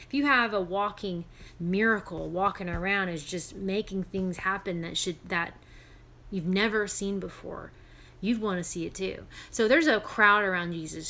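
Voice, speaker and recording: A female Bible teacher shares a scripture story with other women. She speaks in an animated, emphatic, conversational way. Her mid-range voice has a gravelly texture. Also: medium pitch.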